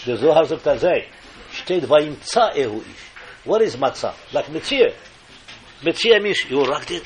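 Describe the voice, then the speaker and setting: An older man tells a story during a sermon, and his voice sits a little high for a man. He talks in animated, emphatic bursts and drops Hebrew phrases into his English. A faint hiss runs under the recording. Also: quick pace. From Morocco. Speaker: speaker giving a religious talk.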